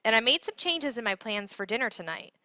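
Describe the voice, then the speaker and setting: A woman's voice: on the high side, expressive, fairly quick, sharp tone, no echo. A woman reading the part of a caring but firm middle-aged father in an audiobook. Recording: dull dry recording.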